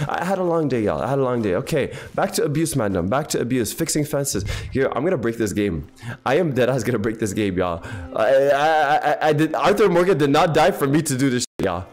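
A man of Ethiopian background giving casual gaming commentary in animated, excitable, slangy banter, tired and half awake. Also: mid-range voice, a little fast. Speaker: game streamer. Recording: voice over game audio and faint music.

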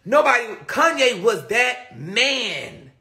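Woman live-stream host, sharp and bright in tone, profane, emphatic, chatty with viewers. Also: fairly high pitch, very animated, slow pace. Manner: rambling with many repeated fillers. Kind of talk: casual live-stream chat reading viewer comments. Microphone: phone or webcam on a live stream.

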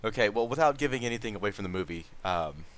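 Bright, lively male interviewer. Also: fairly low pitch, quick pace. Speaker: interviewer, host. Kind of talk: casual interview chat.

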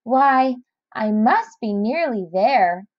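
A plucky, stubborn little snail from a storybook, chirpy and bright, his voice leaping up and down with excitement, as a woman reads him aloud. The sound is dry and close, a little dull and lo-fi, and he speaks slowly. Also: on the high side, no echo. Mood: kindly. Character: determined little male snail, cheerful and stubborn.

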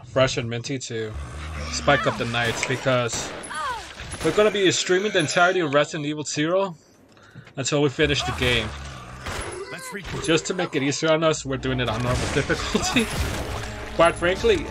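A man's voice: a little high, animated, normal speed, long pauses, noisy background. A man chatting casually on a game livestream, rambling and chuckling as he sorts out technical problems. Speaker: gaming streamer.

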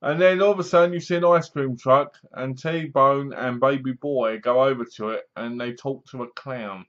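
A man's voice: mid-range voice, fairly even intonation, moderate pace, a bit bright, dull audio. A man reviewing a film in a casual, rambling way with wry humor. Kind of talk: casual spoken movie review.

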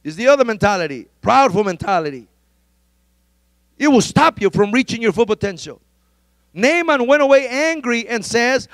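High-voiced fervent male preacher. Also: big pitch swings, moderate pace, long pauses, no echo. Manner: fervent, emphatic preaching with repeated exhortations; rises to shouted pleas. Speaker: pastor. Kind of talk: sermon.

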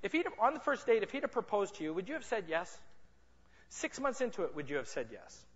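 A man's voice: high voice, sing-song, brisk. A man speaking at a seminar, joking and bantering with members of the audience. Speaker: sales and marketing speaker. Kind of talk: motivational seminar talk to a live audience. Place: large conference room. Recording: muffled reverberant hall recording.

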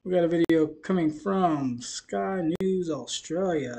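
A tired man hosting a reaction video, talking casually in a rambling, self-deprecating, halting way from a dim room at night. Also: mid-range voice, fairly even intonation, a little mellow, slightly rough.

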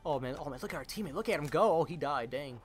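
A young man giving jumpy, excitable live commentary over his own gameplay, filling his talk with "like" and calling out to his teammates. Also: on the high side, fast talker, faint music behind. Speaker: gaming channel host.

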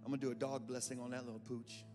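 A man pastor preaching a sermon in a church, moving from calm talk to impassioned shouting, with joking asides. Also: mid-range voice, rapid-fire. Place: church sanctuary. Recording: reverberant hall with music behind.

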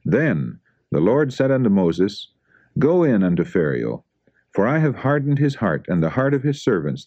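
Male audiobook narrator, lowish mellow voice, solemn and expressive, dull dry recording. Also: no echo. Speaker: audiobook reader. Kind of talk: scripted narration of a religious book.

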